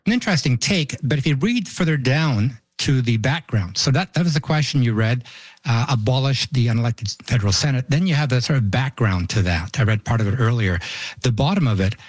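A man, a studio guest explaining a point in a measured, explanatory way. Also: mid-range voice, expressive, no room sound.

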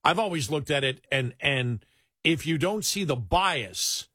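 A middle-aged man, a talk host, speaking bluntly and emphatically in casual political chat, often halting on fillers. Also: fairly high pitch, animated, pushed and bright, breathy edge, dry recording, studio quality.

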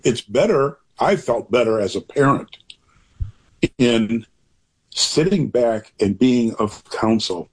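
A man's voice: lowish voice, a little mellow, husky. An older man, a grandfather, speaking as an author guest in a casual interview, rambling and reflective with many restarts.

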